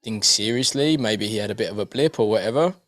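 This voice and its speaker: A man's voice: fairly low pitch, fast, no echo. A man co-hosting a podcast, chatting casually and animatedly about boxing, swearing freely and jumping between points. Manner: animated, swearing, jokey with mimicked voices. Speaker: podcast co-host.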